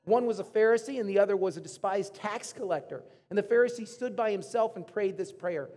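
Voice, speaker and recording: A man's voice: sits high, brisk, few pauses, darkish tone, in a large hall. A man in his thirties preaching a casual, conversational sermon to his congregation, often acting out the voices of the people in his story. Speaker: pastor.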